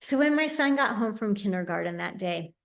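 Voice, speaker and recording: An earnest woman shares a personal story in a heartfelt talk, her voice carrying a gravelly, creaky edge. She speaks sincerely and pauses now and then on small fillers. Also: mid-range voice, expressive. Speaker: medium and speaker.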